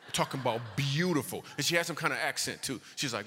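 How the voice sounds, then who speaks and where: A man doing stand-up storytelling as a comedian, animated, his voice leaping high for punchlines. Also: fast talker, slightly rough. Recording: long reverb of a hall.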